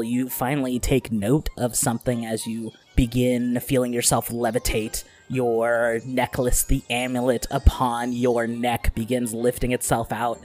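A man narrating and running a tabletop role-playing game as game master, animated and casual, with some swearing. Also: medium pitch.

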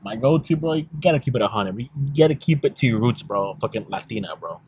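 A man's voice: lowish voice, expressive, fast, a little mellow, slight background noise. A young man co-hosting a casual podcast, rambling in slang with lots of fillers and swearing. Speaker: podcast co-host.

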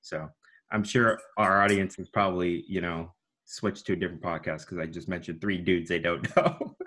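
Deep-voiced young man rambling about sports. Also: fairly even intonation, normal speed, sharp tone. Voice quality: baritone. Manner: rambling, self-deprecating, with sudden announcer-style bursts. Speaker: guest, student broadcaster. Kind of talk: casual podcast chat.

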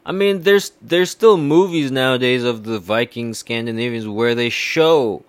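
A man's voice: medium pitch, a little slow, no room sound. A man from India giving a heated, profane political rant, swearing often and repeating himself. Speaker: commentator.

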